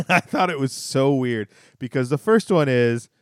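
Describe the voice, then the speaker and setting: Smooth-voiced man rambling in casual recap. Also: medium pitch, expressive, unhurried, no room sound, clean studio sound. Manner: rambling, many restarts, laughing asides. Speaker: podcast co-host. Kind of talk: casual chat recapping a sitcom.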